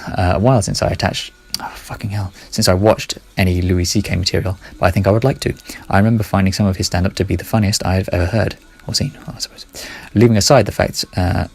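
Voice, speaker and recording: A low, gravelly man with a husky edge, talking fast through a casual solo monologue. He rambles, corrects himself mid-sentence and mutters quiet asides.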